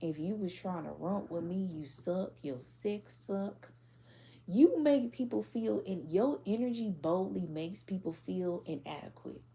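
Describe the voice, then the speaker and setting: Gravelly blunt woman tarot reader. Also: fairly low pitch, unhurried, dark tone. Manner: blunt, profane, acts out other people's reactions. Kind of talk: casual collective tarot reading.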